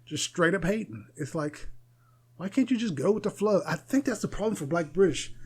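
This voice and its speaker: A man's voice: high voice, animated, brisk, darkish tone, husky. Male podcaster, casual solo commentary, opinionated and digressive, light laughter. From United States. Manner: opinionated, rambling, laughs often. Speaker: podcast host.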